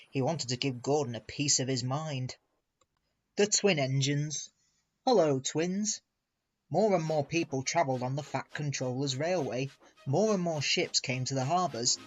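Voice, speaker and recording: A man reading a children's railway storybook aloud in a measured, expressive way. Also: medium pitch, dull audio. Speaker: reader. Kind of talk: storybook narration.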